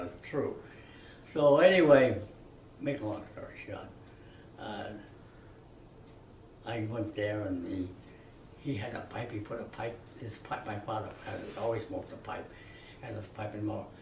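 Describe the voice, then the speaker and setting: A man in his nineties telling rambling, animated stories from his youth, with many restarts, recorded from a distance. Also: lowish voice. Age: 90s. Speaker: interviewee. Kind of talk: reminiscing storytelling. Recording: echoey room from far off, faint noise.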